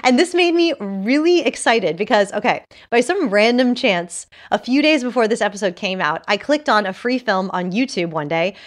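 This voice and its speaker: Animated woman gushing in casual chat. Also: mid-range voice, moderate pace, few pauses. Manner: animated, gushing, laughs often. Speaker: podcast co-host.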